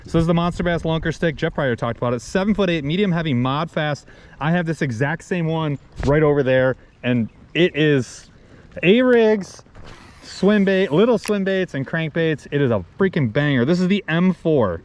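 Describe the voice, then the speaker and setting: A man hosting a fishing vlog from a boat, talking excitedly and loudly about the fish he catches. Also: fairly high pitch, moderate pace. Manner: exuberant, shouting and swearing mildly. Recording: wind noise on an outdoor mic.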